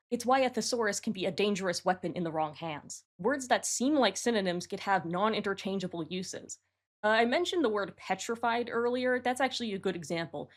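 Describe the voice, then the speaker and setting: A woman hosting her own channel, giving matter-of-fact, analytical commentary as she reworks song lyrics. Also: medium pitch. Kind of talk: explanatory commentary to camera.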